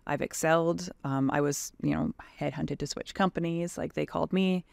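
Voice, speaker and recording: A woman's voice: deep voice, steady tone, moderate pace, creaky, darkish tone, no room sound. A woman in her thirties from Canada, a tradeswoman talking frankly and animatedly as a podcast guest, with lots of "like" in her speech. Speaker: guest, tradeswoman and advocacy leader. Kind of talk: casual podcast conversation.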